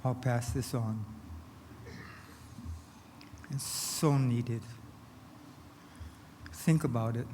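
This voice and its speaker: Guy telling a story at a meeting, earnest, hushed to punchy, echoey hall, faint noise. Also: mid-range voice, slow pace, long pauses. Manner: earnest, shifts from hushed to emphatic. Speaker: recovery meeting speaker. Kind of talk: personal storytelling talk.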